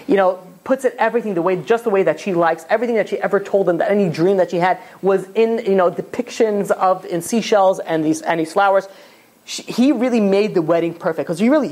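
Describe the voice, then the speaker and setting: A rabbi tells a parable at a quick clip, words tumbling out. His telling is loose and chatty, packed with "you know" and "he's like". It sounds like a man who is relaxed and talking off the cuff. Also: sits high. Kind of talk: storytelling in a Torah talk.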